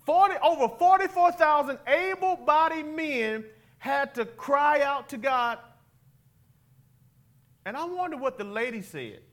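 High-voiced, bright preaching man. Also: unhurried. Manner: animated, call-and-response with the congregation; conversational preaching with humor. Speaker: pastor. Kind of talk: sermon.

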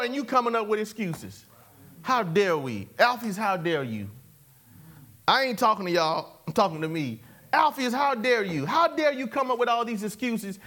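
A man with a strikingly high, slightly bright voice preaches a sermon built on call and response with his listeners. He repeats phrases, asks for answers, and chuckles between points.

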